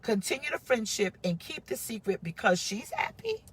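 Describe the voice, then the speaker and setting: A woman's voice: fairly high pitch, moderate pace, breathy edge, no echo. A woman pastor, telling her own story with feeling to a live-stream audience. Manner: emotional, animated storytelling with acted quotes.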